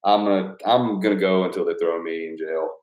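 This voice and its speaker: A man's voice: sits low, steady tone, fairly quick, darkish tone, reverberant. A man chatting casually with his supporters, loose and profane, rambling and laughing often. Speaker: YouTube creator thanking patrons. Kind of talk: casual live chat with supporters.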